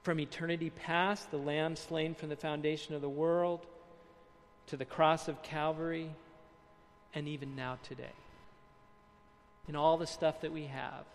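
Male preacher, kinda high gravelly voice, reads quotes then goes quiet and dramatic, big echoey church, bit of hum behind. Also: steady tone. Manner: reads quotes aloud, then explains with dramatic pauses and hushed emphasis. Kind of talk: sermon.

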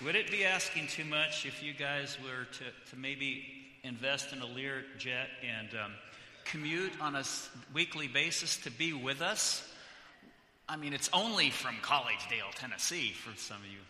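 A man's voice: mid-range voice, expressive, moderate pace, bright, forceful tone, a little hiss or hum. A middle-aged pastor from California, making chatty, joking announcements with many restarts before his sermon. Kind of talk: church announcements and sermon opening. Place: church sanctuary. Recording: church hall reverb.

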